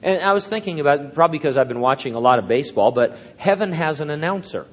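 A man's voice: a little high, lively intonation, fast talker. An older man, a pastor, preaching a sermon in a rambling, anecdotal way with self-deprecating humor. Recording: long hall reverb.

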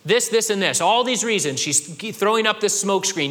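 A man preaching a sermon with animated delivery, acting out the voices of people in the scripture he quotes. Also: sits high, moderate pace, in a large hall. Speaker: pastor.

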